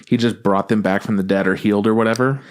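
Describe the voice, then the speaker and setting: A man's voice: lowish voice, steady tone, fast, clean tone. A man co-hosting a podcast in casual chat, laid-back, swearing and mimicking characters. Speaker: podcast co-host.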